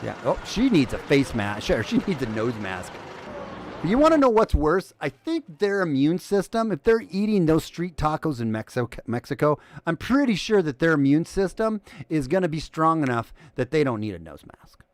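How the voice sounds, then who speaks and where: A sarcastic man hosting a news commentary stream, with a slightly raised pitch that leaps around a great deal. He swings from loud jabs to low muttered asides. His voice sounds close and dry. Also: sing-song, normal speed, dry recording. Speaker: host.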